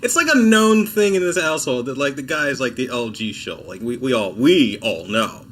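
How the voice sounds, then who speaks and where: A man's voice: mid-range voice, animated, normal speed, fairly bright tone, slight background noise. A sick man hosting a casual TV tech livestream at home, chatting with viewers in a laid-back, self-mocking way. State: sick, coughing and clearing throat.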